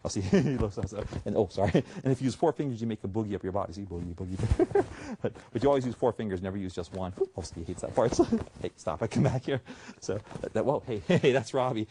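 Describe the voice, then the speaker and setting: A man's voice: fairly low pitch, quick pace, background noise. A man doing comic stage patter as a magician, playful and chuckling between jokes.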